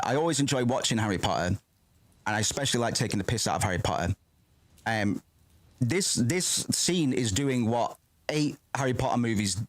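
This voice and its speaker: A man's voice: medium pitch, dry recording. A man streaming a film reaction in casual, rambling commentary, swearing freely and breaking off his own sentences. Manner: rambling, excitable, swears often, self-interrupting.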